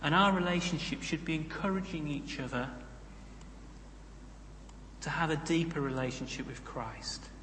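A man's voice: on the high side, moderate pace, long pauses, fairly bright tone, a little hiss or hum. A man preaching a sermon in a conversational way, with humorous asides. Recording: echoey hall, roomy reverb.

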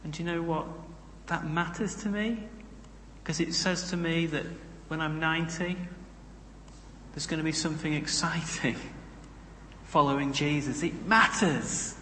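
A man's voice: on the high side, measured pace, bright, forceful tone, slight background noise. A man preaching a sermon in a conversational way, with humorous asides. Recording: echoey hall, roomy reverb.

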